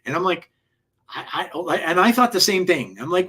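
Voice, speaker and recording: A man's voice: high voice, very animated, normal speed, sharp tone, slightly rough. Rambling man telling stories. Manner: rambling storyteller, frequent restarts and laughs. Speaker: wrestling podcast co-host. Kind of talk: casual chat.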